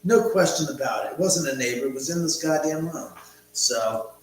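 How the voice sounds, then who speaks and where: A man's voice: on the high side, expressive, moderate pace. Casting: chatty, foul-mouthed man hosting a late-night home livestream, very echoey room with faint hum. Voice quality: rambling, profane, chatty. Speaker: livestream host. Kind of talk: casual livestream chat. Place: his own house, indoors.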